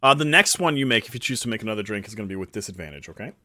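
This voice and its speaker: A man running a tabletop game as dungeon master, loud and playful, joking with his players. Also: fairly low pitch, expressive, very fast, no echo, clean studio sound. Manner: loud, playful, laughing, teasing.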